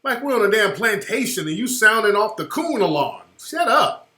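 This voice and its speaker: High, lively-voiced man ranting on talk radio. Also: moderate pace, echoey room. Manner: blunt, profane, ranting, repeats phrases for emphasis. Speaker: radio show host.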